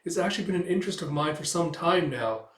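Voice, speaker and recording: A man's voice: on the high side, lively intonation, quick pace, voice pushed up, close to an everyday voice. A man putting on a fretful, gushing society lady. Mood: anxious. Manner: gushing, anxious, theatrical. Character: fretful high-society middle-aged woman, melodramatic. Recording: echoey room.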